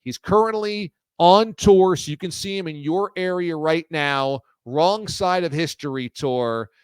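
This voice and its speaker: Man, sports talk host, enthusiastic, higher-pitched, dry studio sound. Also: measured pace, clear, resonant tone, no room sound. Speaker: radio and video show host.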